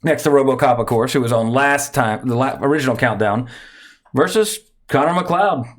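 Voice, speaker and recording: Male podcast host, mid pitch, loose rambling delivery, self-corrects, chuckles. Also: moderate pace. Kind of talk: casual podcast chat.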